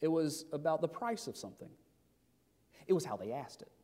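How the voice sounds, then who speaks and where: Conversational preacher with a high-ish voice in a reverberant hall. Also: male voice, lively intonation, a little fast, dark tone. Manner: conversational preaching with restarts and rhetorical questions. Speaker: pastor. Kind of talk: sermon.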